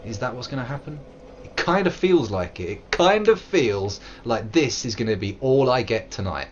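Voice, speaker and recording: A man's voice: mid-range voice, animated, moderate pace, muffled recording, a little hiss or hum. An English man in his thirties, rambling playfully as he streams a game live and chats with viewers. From England. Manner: playful, rambling, bursts into silly put-on voices. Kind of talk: live gameplay commentary.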